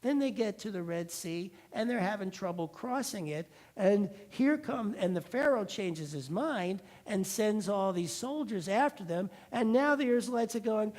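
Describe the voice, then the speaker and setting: High-voiced man preaching with animated storytelling. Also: normal speed, few pauses. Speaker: pastor. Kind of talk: sermon.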